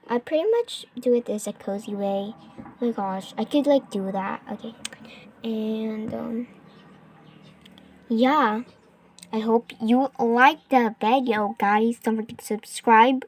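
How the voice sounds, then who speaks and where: A young woman casually narrating her gameplay, rambling with lots of fillers and excited gasps. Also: a little high. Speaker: gaming vlogger. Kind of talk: casual game commentary.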